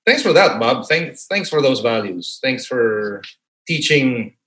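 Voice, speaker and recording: A man's voice: mid-range voice, animated, slow, fairly bright tone, rough recording. Male interviewer, Filipino accent, friendly and chatty, mid-range voice. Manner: affable, mixes in Tagalog tags. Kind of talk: conversational interview.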